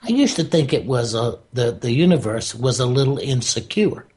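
A man's voice: medium pitch, big pitch swings, normal speed, a little mellow. A man speaking as a guest on a radio show, talking about spirituality in a punchy, preacherly way. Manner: emphatic, preacherly, punchy phrasing. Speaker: guest author. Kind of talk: spiritual talk radio interview.

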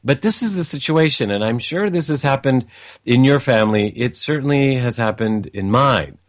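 A man's voice: medium pitch, lively intonation, normal speed, no echo. A man in a mid-range voice shares a personal story as a monologue. He is reflective and meandering, with restarts and side comments. The recording is dry and close. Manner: reflective, with frequent restarts and asides.

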